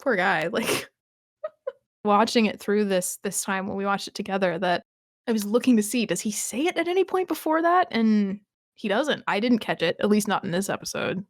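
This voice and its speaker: A woman chats on a rewatch podcast in a mid-range voice, recapping scenes and musing aloud with quick restarts and laughs. Her voice sits close and dry on the mic, with no room sound around it. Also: medium pitch, lively intonation, dry recording. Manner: chatty, thinking aloud with frequent restarts and laughs. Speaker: podcast co-host. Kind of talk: casual rewatch podcast chat.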